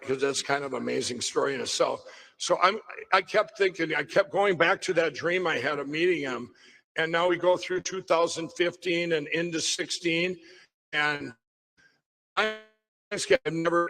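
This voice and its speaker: A middle-aged man with a fairly high voice tells a personal story to a crowd. He rambles, breaks off and restarts his sentences, and keeps circling back to the point. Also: fairly bright tone, rough recording. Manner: rambling, self-interrupting storyteller. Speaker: guest speaker at a summit. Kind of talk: storytelling talk on stage.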